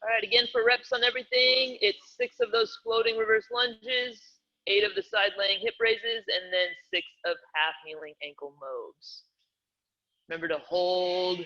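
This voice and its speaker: A man leads a live online workout, cueing each exercise in an upbeat, playful manner. His voice sits high and sounds bright and forceful. The streamed audio comes across a little dull. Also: lively intonation, moderate pace, creaky. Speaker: fitness coach.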